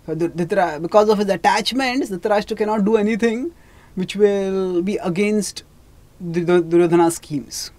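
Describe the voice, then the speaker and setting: Halting sermon storyteller. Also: medium pitch, darkish tone, no echo. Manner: halting, with many restarts and asides. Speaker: spiritual teacher.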